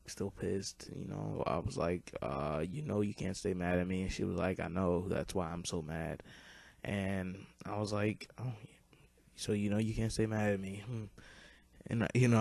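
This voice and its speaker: A man's voice: lowish voice, darkish tone. A young man vlogging, telling a personal story in a rambling way with lots of fillers and swearing. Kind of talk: casual storytelling monologue.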